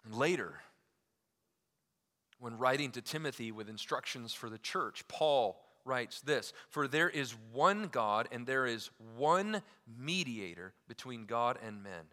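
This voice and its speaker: A man's voice: medium pitch, expressive, slow pace. Emphatic preacher man in a reverberant hall. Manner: emphatic preaching with wide swings in loudness, dropping to near-quiet for key lines; casual asides with fillers like "like" and "you know". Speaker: pastor. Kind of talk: sermon.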